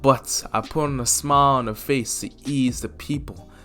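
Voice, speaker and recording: A larger-than-life superhero put on by a man in a fan-told story, proclaiming every line with bold, jovial confidence and a lifted pitch. Quiet lofi music plays underneath. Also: fairly even intonation, normal speed, natural voice. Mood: encouraging. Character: booming top male superhero, confident and upbeat.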